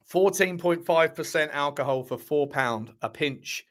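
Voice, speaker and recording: A man's voice: fairly high pitch, unhurried, hardly any pauses, a bit bright. A man hosting a casual live chat, rambling, bantering with viewers and laughing often. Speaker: livestream host reading chat.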